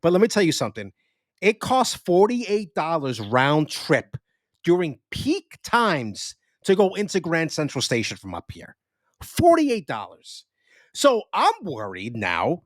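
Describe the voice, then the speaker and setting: A man hosting a podcast, talking in an animated way with laughs and swearing. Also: a little high, measured pace, no room sound. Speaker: podcast host. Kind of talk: casual chat.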